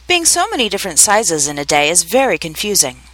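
A woman's voice: fairly low pitch, very animated, a little fast, fairly bright tone, no room sound, rough recording. A woman voicing a polite, shy and bewildered little girl, speaking hesitantly in a storybook reading.

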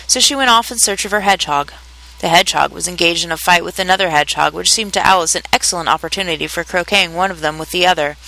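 A reader giving a measured, expressive narration of a children's story. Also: mid-range voice, rough recording.

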